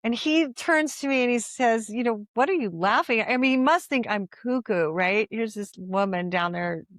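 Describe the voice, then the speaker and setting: Animated older woman telling stories. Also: a little high, moderate pace, no echo, clean studio sound. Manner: animated storytelling, frequent laughter and restarts. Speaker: guest. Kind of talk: casual conversation.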